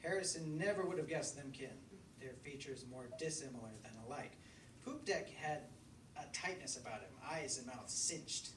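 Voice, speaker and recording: A man author giving a relaxed live reading of his fiction at a book launch, with chuckles and small asides. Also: mid-range voice, moderate pace. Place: bookstore event room. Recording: echoey room, distant mic, crowd hum.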